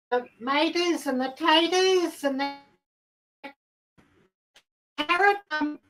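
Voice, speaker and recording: Giddy rambling hen, voiced by a woman, high and bright, slow-talking, lots of ums. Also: far from the mic, full character voice, rough recording. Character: excitable chatty female hen. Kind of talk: comic character monologue.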